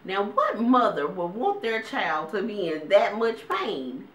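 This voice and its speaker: A woman's voice: mid-range voice, sing-song, measured pace, hardly any pauses, a bit bright, roomy sound, recorded from a distance, a little hiss or hum. A woman, telling stories casually to her viewers, acting out quotes with big jumps in voice and frequent laughs. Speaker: vlogger giving a weight update.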